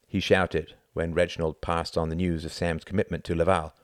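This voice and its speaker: A man reading a novel aloud as an audiobook narrator, in an expressive style. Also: deep voice, unhurried, no echo, studio quality. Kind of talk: scripted narration.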